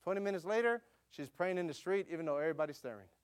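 A middle-aged American man preaching a sermon as a missionary, telling stories in an animated way and calling out to his audience. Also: fairly high pitch. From United States. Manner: animated, quick storytelling with audience call-outs. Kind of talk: storytelling sermon.

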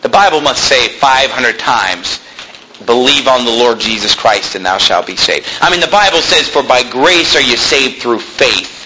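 A man preaching a sermon in a lively, joking way, acting out quoted people in a high voice. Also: moderate pace, slight background noise, rough recording. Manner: animated, jokey, acts out quoted people in a high voice.

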